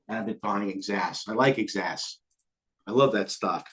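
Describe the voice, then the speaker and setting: An older man hosting a live trading stream, talking quickly and jumping between stock tickers, a little out of breath. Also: fairly low pitch, fairly bright tone. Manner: rapid, scattered, jumps between tickers. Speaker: trading show host. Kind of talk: live market commentary.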